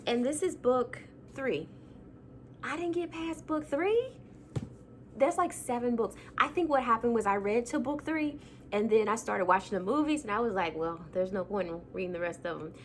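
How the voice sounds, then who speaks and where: A woman's voice: sits high, slight background noise. A young woman vlogging casually about her childhood books, chatty and self-mocking with lots of fillers. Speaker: book vlogger. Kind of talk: casual chat.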